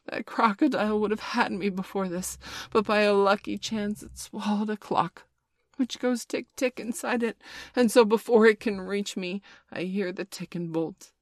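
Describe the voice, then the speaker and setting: A woman voicing a menacing, brooding male pirate captain in a storybook reading, speaking slowly and darkly with theatrical force. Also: medium pitch, fairly even intonation, no echo, clean studio sound, voice pushed up, close to an everyday voice. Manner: slow, dark, theatrical growl.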